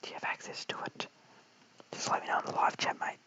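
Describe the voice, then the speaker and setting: An Australian man giving whispered cricket commentary late at night at home, mic held very close, hushed and apologetic as he chats with viewers. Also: fast talker, lo-fi sound. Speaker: live stream cricket commentator. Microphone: held very close to the mouth.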